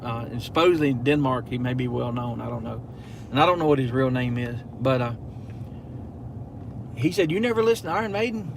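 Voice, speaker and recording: A man with a drawl talks to his viewers while he drives, telling long, wandering stories. His voice sits in an ordinary middle register. It is recorded on a phone inside a moving car, and the car's noise hums clearly underneath. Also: mid-range voice, normal speed, pauses often. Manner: rambling, chatty storyteller, talks to viewers. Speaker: channel host. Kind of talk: casual live-stream chat while driving. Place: inside a car at night on a country road.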